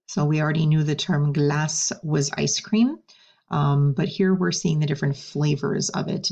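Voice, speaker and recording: A woman's voice: low voice, moderate pace, vocal fry, a little mellow, muffled recording. A woman teaching a recorded French lesson, patiently explaining words and stressing correct pronunciation. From United States.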